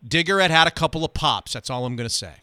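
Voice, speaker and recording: A man hosting sports radio, telling a story in a lively, quick way. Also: a little high, smooth, dry recording, clean studio sound. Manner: animated, quick anecdote telling. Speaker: radio host.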